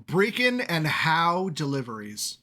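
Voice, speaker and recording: A man's voice: on the high side, big pitch swings, slow pace, bright, forceful tone. A man narrating as game master of a tabletop game, chatty and laughing often as he describes the scene.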